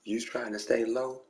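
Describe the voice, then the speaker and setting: A man's voice: medium pitch, a little mellow. A man chatting casually with friends during an online game league, slangy and repetitive. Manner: slangy, repeats "bro" and "come on".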